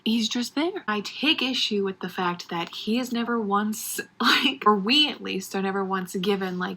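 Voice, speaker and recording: A young woman chats to camera at home about a book series, ranting and rambling with plenty of filler words. Her voice has a breathy, slightly raspy edge. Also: medium pitch, moderate pace, few pauses, pushed and bright. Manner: chatty, ranting, frequent "like" fillers. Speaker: book vlogger. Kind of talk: casual chat. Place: room at home, at night.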